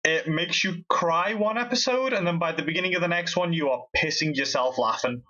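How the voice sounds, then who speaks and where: A man's voice: fairly high pitch, brisk, bright, forceful tone, dull audio. A man chatting bluntly with crude jokes as a panelist on a casual podcast. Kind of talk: casual chat.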